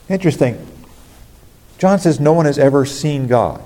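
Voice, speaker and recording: A man's voice: fairly high pitch, lively intonation, a little slow, dark tone. Earnest male pastor preaching. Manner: earnest, rising to emphatic exclamations. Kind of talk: sermon.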